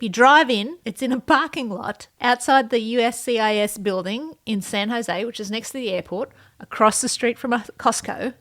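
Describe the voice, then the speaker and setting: A woman's voice: medium pitch, a bit bright. A woman in her thirties chatting through a personal vlog, playful, with dry asides and the odd whispered joke. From non-US, immigrant to the USA. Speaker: vlogger. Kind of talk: casual personal vlog narration.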